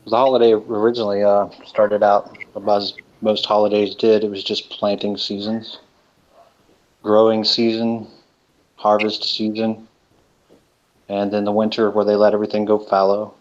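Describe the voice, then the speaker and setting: A man's voice: lowish voice, monotone, moderate pace, a little mellow. A man chatting casually on a live stream, rambling and hesitant, with plenty of fillers. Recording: dull lo-fi stream audio.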